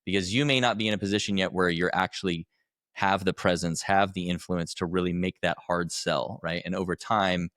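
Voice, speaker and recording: Deep voiced guy on a podcast, earnest, kinda rambly, dry close sound. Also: fairly even intonation, a little fast, fairly bright tone, dry recording. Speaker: podcast guest, coach for husbands. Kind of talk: conversational interview.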